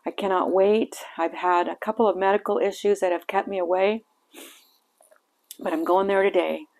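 A woman's voice: mid-range voice, fairly even intonation, moderate pace, a little mellow. An older woman hosting a devotional podcast, sharing a heartfelt personal reflection on scripture with sighs and emotion in her voice.

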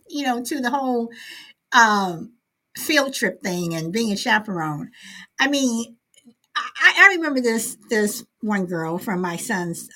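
Bright chatty woman, laughing host. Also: fairly high pitch. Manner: chatty, laughs often, many restarts. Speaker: host of a live online show. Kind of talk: casual chat with live viewers.

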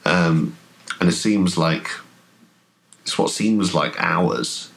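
Deep-voiced male game master, halting delivery with many pauses and fillers. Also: creaky, a bit bright. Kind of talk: narrating a tabletop horror game.

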